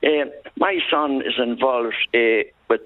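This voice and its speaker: A male caller from Ireland phones in to a radio show, telling stories in an emphatic, chatty way. His medium-pitched voice is slow-paced, with no room sound, coming over a tinny telephone line.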